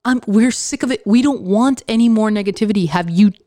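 Young woman host, sarcastic and blunt, dry close sound, mid-pitched voice. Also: fairly quick, mellow, dry recording. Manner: sarcastic, mocks others in put-on voices; profane and emphatic. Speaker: podcast host. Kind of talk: blunt motivational rant.

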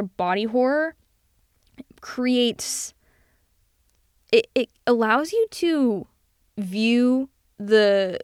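A woman's voice: medium pitch, clear, resonant tone, no echo, studio quality. A young woman hosting her own podcast, talking casually and animatedly about film, full of fillers and casual swearing. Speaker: podcast host. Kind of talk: casual solo commentary.

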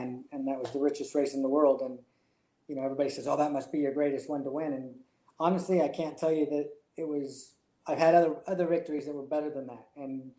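Man, jockey interviewed, reflective storyteller, mellow and flat delivery, roomy echo. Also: a little high. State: choked up. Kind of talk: interview answers.

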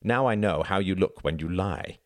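A man's voice: low voice, normal speed, dry recording, natural voice. A man playing an awkward, earnest young man with a formal, dry wit in an audiobook.

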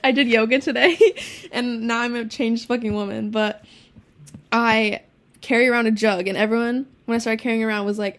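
A teenage girl chatting casually as a podcast co-host, telling stories quickly with lots of swearing and laughter. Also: on the high side, steady tone. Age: teens. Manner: fast, profane storytelling with laughs. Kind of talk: casual chat.

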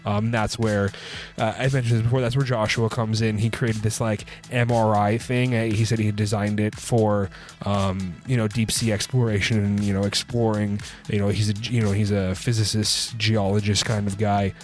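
A man with a fairly low voice talks through a film's plot as a casual review host. He rambles, backtracks and leans on filler words. Faint music sits underneath. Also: level tone, moderate pace. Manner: sipping a drink while recording. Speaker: movie review podcast host.

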